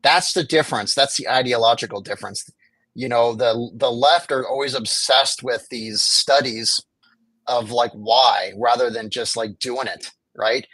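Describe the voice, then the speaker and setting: Man, impassioned, argumentative, medium pitch, dry close sound. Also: a little slow, fairly bright tone, breathy edge, dry recording, poor audio. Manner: impassioned, argumentative, acts out quoted officials. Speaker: homelessness advocate guest. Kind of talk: conversational interview.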